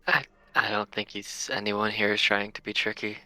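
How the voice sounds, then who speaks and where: A man playing a tabletop game, blunt and quick to laugh. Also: lowish voice, completely flat delivery, sharp tone, dry recording, rough recording. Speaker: player. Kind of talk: tabletop role-play.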